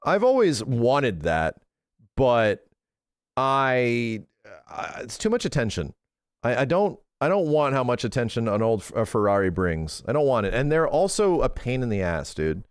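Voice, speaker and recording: A man streaming, chatting casually and excitedly with his viewers, swearing often and acting out his own past conversations. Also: medium pitch, normal speed, clean tone, no echo, studio quality. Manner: excitable, profane, retells talks in quoted voices. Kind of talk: casual livestream chat.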